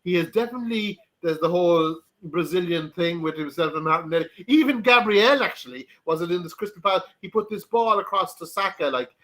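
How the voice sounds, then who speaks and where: A man's voice: high voice, animated, a little fast, few pauses, a bit bright. A man guest in a casual chat, rambling with many restarts. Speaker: podcast guest.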